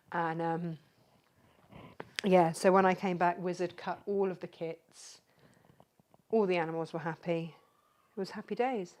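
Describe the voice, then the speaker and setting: A woman's voice: on the low side, a little mellow. Chatty woman hosting a craft stream. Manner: chatty and rambling, greets viewers by name. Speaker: craft show host. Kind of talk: live craft demonstration chat.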